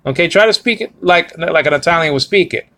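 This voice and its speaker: A man teaching a Bible Greek grammar lesson. He talks in a halting way, with many fillers and "okay?" checks, and slowly sounds out and spells words. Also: on the high side, animated, pushed and bright.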